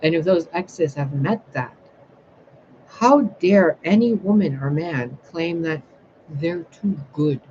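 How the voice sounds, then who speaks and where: A spiritual reader speaking bluntly and profanely in a casual livestream rant, reading out viewer comments and answering them. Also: male voice, fairly high pitch, slow, darkish tone, lo-fi sound, a little hiss or hum.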